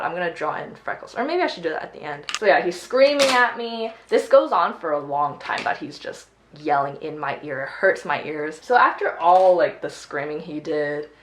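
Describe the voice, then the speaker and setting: A young woman tells a story in a casual, chatty way while doing her makeup, filling it with "like". Her voice sits fairly low for a woman. The recording has a roomy echo. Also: moderate pace, hardly any pauses. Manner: chatty, animated retelling with many "like"s. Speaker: beauty vlogger.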